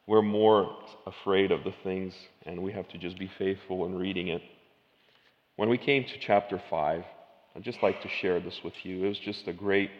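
A man's voice: sits low, long reverb tail, dull audio. A man preaching a sermon, moving between casual asides and emphatic scripture reading. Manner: reads scripture with rising, emphatic intensity.

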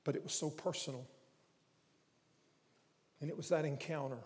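Man preaching a sermon, high voice, hushed to emphatic, long reverb of a large hall. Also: steady tone, moderate pace. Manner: shifts from hushed storytelling to loud emphatic preaching.

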